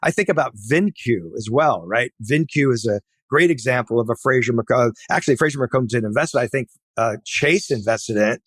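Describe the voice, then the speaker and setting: A man's voice: mid-range voice, expressive, moderate pace, few pauses, fairly bright tone, slightly rough, dry recording. A middle-aged man, a podcast guest, talking in an emphatic, advice-giving way with lots of "right?" asides. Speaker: podcast guest, tech entrepreneur. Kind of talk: casual interview talk.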